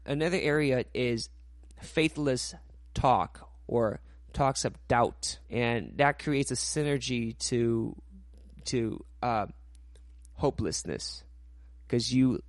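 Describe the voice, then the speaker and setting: A man's voice: mid-range voice, no room sound. Guy preaching a sermon, english not his first language, acts out quotes, dry close sound. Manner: non-native English phrasing, quotes others in animated voices. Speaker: pastor.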